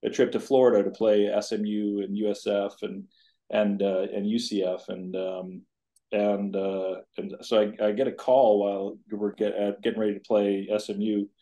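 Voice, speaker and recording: A man's voice: lowish voice, flat delivery, moderate pace, mellow. A man in his fifties, a college tennis coach, telling a personal story in a podcast interview with an earnest, rambling manner full of asides. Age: 50s.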